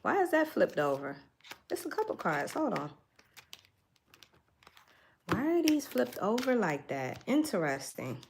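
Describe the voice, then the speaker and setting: A woman's voice: mid-range voice, very animated, a little slow, gravelly, long pauses, slight background noise. Chatty woman doing a tarot reading. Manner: chatty, thinks aloud, laughs now and then. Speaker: tarot reader.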